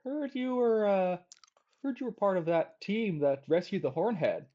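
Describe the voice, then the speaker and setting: Man voicing a smug half-gnome schoolboy, high taunting tone, tabletop game. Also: lively intonation, moderate pace. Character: sneering young male half-gnome student. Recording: dull lo-fi audio.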